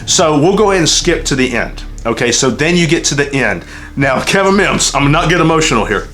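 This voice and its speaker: A man's voice: a little high, expressive, fairly quick, fairly bright tone, soft background music. A man with a Southern US accent hosting a casual game review chat, rambling, emotional and swearing constantly. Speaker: channel host reviewing a game. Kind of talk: casual unscripted review chat, heavy profanity.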